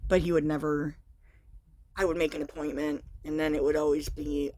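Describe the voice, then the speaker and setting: A woman vlogger frankly recounting a personal story in a confessional, halting way. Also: low voice, little pitch movement, a little mellow, no echo.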